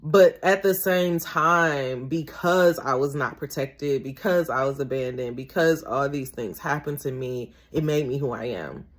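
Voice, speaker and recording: A woman's voice: rumbling low, measured pace, hardly any pauses, husky. A young adult woman talking through her feelings in a casual, reflective monologue as a podcast host. She is candid and rambling, swears freely, repeats herself, and her voice rises when she gets emotional. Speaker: podcast host and tarot reader.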